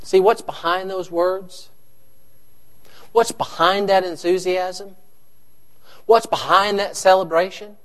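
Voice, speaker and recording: A man preaching a sermon to his congregation, animated and joking with the listeners. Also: high-pitched, slow pace, pauses often. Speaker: pastor.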